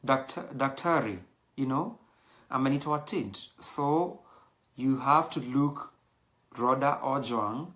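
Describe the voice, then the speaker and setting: A middle-aged Kenyan man with a medium-pitched, fairly bright voice speaks at a slow pace. Hosting his show, he delivers a casual, rambling monologue that's chatty and digressive, mixing in Swahili phrases.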